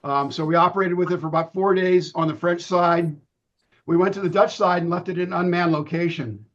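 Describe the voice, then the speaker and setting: Man, middle-aged, slightly high voice, going hoarse, relaxed halting talk, lo-fi call audio. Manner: relaxed, with many ums and restarts. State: losing his voice. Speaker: presenter. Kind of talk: talk over video call. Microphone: video call. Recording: dull lo-fi video-call audio.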